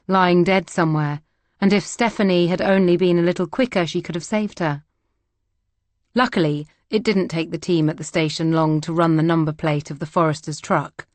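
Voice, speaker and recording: Woman narrator, third-person thriller, lower voice, measured, dry close mic. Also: dry recording. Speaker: audiobook narrator.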